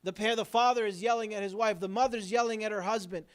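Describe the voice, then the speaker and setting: A man, an imam, delivering a sermon in an earnest way, building emphasis and then dropping to quiet asides. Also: sits high, steady tone, fast talker.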